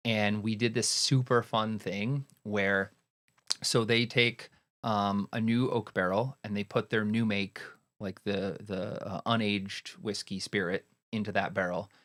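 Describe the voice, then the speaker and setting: A man in a casual podcast interview, explaining his work as a head cider maker in a relaxed, rambling way with many fillers. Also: fairly low pitch, measured pace.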